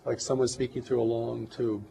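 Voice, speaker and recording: A man speaking as an interview guest, measured and reflective, often pausing and restarting his sentences. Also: mid-range voice, flat delivery, gravelly, warm tone, a little hiss or hum. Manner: measured, hesitant, with many restarts and fillers. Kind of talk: earnest reflective interview talk.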